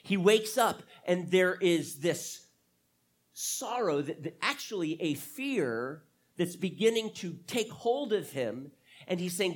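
A man's voice: sits high, very animated, slow. A male pastor preaching a sermon to his church, emphatic, asking rhetorical questions and stretching out key phrases.

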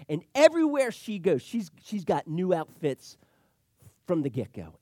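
A middle-aged man pastor preaching a sermon, animated, swinging between loud emphatic lines and hushed asides. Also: a little high, moderate pace, no echo, studio quality.

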